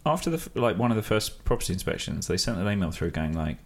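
A man hosting a casual comedy podcast, speaking with a softened South East London accent in a rambling, self-deprecating way. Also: on the low side, very animated, quick pace. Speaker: podcast host.

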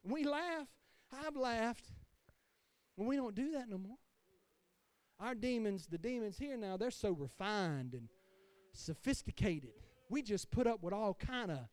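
High-voiced impassioned male pastor. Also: expressive, unhurried, no echo. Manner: impassioned preaching with call-and-response. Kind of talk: sermon.

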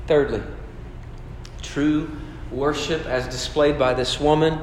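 A man's voice: fairly high pitch, steady tone, slow pace, a little hiss or hum. Man preaching in an echoey hall. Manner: earnest, conversational preaching with rhetorical questions. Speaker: pastor. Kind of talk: sermon. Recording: echoey hall with long reverb.

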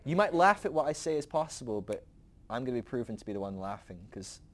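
A man voicing a patient, all-knowing deity who speaks in a calm, lower, quieter tone. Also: fast, lightly acted. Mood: gently firm.

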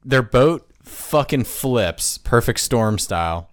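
A man's voice: mid-range voice, expressive, slow, clean tone, dry recording, clean studio sound. A man co-hosting a casual podcast, telling stories in a rambling way and laughing between his lines. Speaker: podcast co-host.

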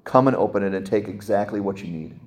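A pastor preaching in a lowish male voice that is dynamic rather than flat. He slows and goes soft over scripture, then climbs sharply in pitch and volume to hammer home a point. The delivery is earnest and sermon-styled throughout.

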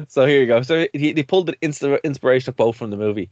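A man's voice: medium pitch, moderate pace, pauses often, a little mellow, no room sound, muffled recording. A man hosting a radio and podcast show, chatting casually, rambling and laughing often. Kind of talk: casual chat.

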